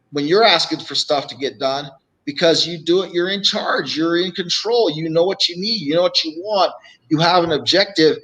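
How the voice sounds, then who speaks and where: Bright, animated coaching man. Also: on the high side, poor audio. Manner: animated, acts out phone calls in stories. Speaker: real estate investment coach. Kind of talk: live show guest storytelling.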